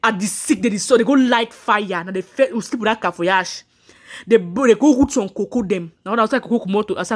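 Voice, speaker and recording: Lady telling her story to viewers, earnest, lots of repeats and restarts. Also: on the high side. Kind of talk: personal story told to viewers.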